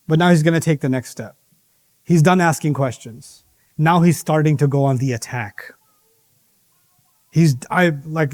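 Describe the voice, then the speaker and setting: Middle-aged man, high voice, lively preaching to youth, rhetorical questions. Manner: animated, asks rhetorical questions and acts out voices of others. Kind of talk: sermon to young people.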